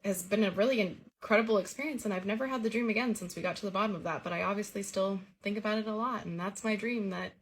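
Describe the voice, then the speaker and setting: A woman of ordinary pitch tells a personal dream story in an earnest, casual way. She lives the scenes as she recounts them. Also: quick pace, few pauses. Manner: earnest, vivid retelling with lively quoted dialogue.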